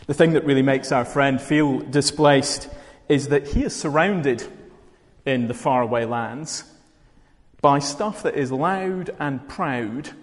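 Scottish male preacher, mid-pitched, wry and conversational, long hall echo. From Scotland. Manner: conversational, dry humour. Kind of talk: sermon.

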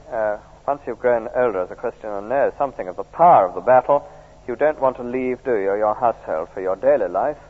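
A middle-aged preacher giving a sermon, often drawing listeners in with tag questions like "isn't it". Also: male voice, lowish voice. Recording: tinny archive recording in a reverberant church.

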